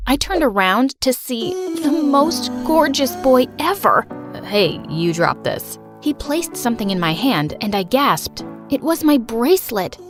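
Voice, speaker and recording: Lively woman telling her own story. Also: sits high, a little slow, few pauses, over music. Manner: lively, expressive and breathless. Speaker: narrator. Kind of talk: first-person story narration.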